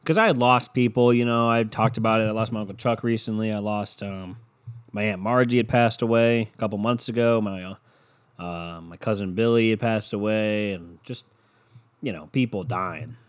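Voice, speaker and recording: Sitting in the dark in his bedroom, a man hosts a solo podcast into a microphone, rambling in a profane, jokey way. His voice is on the low side and clean, at a normal speed.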